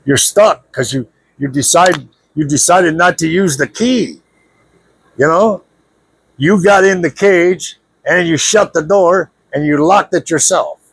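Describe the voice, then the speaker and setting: A man with a fairly high, slightly rough voice speaks unhurriedly in a preachy spiritual monologue to camera. He's blunt and confrontational with viewers, repeats himself and keeps leaning on "you know."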